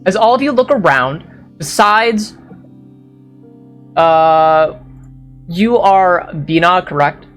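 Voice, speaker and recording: A woman's voice: lowish voice, lively intonation, slow pace, long pauses, faint music behind. A woman narrating a tabletop role-playing game as game master, describing scenes in detail with brief apologetic asides.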